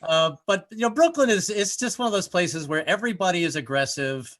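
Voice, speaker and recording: A man performing a rambling, self-deprecating stand-up comedy set, often shouting in put-on voices. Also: sits high, expressive, fairly quick, background noise. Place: home in Brooklyn, skyline behind.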